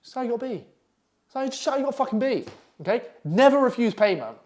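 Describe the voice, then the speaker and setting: A young man lectures on copywriting with a blunt, foul-mouthed swagger. His pitch swings widely as he acts out clients in quick asides. It sounds like casual, unscripted coaching talk. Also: sing-song, darkish tone. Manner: crude, blunt and swearing constantly, acting out clients in quick asides. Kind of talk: profane casual masterclass talk.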